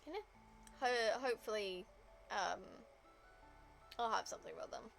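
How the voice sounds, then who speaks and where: A woman's voice: mid-range voice, normal speed, gravelly, soft background music. A woman game streamer chatting casually to her viewers, rambling with lots of fillers.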